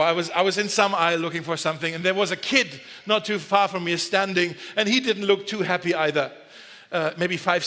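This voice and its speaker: Speaking with a high-pitched, sharp voice, this pastor delivers a conversational sermon full of jokes and mid-sentence self-corrections. It was recorded in a large church hall, and a long reverb trails his words.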